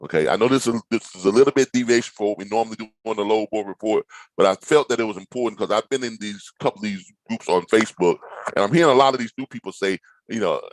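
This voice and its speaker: A man, a logistics trainer walking viewers through a load board, animated and playfully dramatic with teasing asides. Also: on the low side, fast talker, no echo, poor audio. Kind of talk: screen-share tutorial talk.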